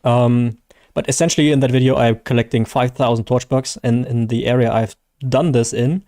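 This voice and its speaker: A man's voice: mid-range voice, steady tone, normal speed, mellow, dry recording, studio quality. A man from Germany with a German accent, hosting a casual live gaming stream, hesitant and self-deprecating with many fillers and restarts.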